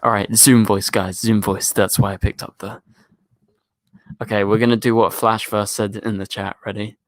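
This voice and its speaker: A British man with a low, deep voice hosts a relaxed live stream. He talks in a loose, chatty manner, thanking viewers and working through their questions. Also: moderate pace. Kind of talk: casual live stream chat. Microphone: studio microphone.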